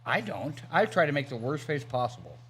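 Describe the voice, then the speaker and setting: A man's voice: fairly high pitch, big pitch swings, brisk, a bit bright, breathy edge. Crude teasing male co-host. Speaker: podcast co-host. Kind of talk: casual chat.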